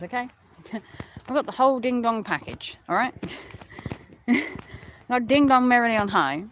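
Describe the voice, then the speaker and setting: A woman's voice: fairly high pitch, a bit bright, a little hiss or hum, rough recording. Giggly British woman streaming outdoors. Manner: giggly, teasing, swears casually. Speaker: livestream host. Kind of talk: casual live chat with viewers. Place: outdoors at night near a hotel and graveyard.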